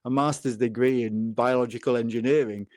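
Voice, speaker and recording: A man in his fifties, a guest telling personal stories in a relaxed conversation and acting out the dialogue. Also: brisk, no room sound. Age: 50s. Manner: animated storyteller, acts out dialogue with lively pitch jumps. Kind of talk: casual storytelling in a conversation.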